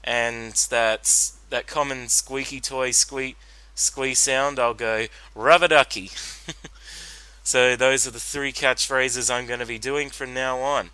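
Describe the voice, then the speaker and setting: A man's voice: medium pitch, little pitch movement, slow, few pauses, pushed and bright, clean tone, no echo, rough recording. A man giving a solo commentary on a cartoon episode, rambling with many fillers and restarts. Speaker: reaction commentator.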